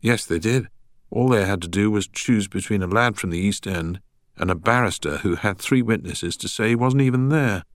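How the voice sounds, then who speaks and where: A man's voice: lowish voice, normal speed, no room sound, studio quality, pitched above the performer's own voice, lightly acted. A man voicing a well-spoken young man who is a recovering heroin addict, hesitant and uneasy. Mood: nervous, confessing.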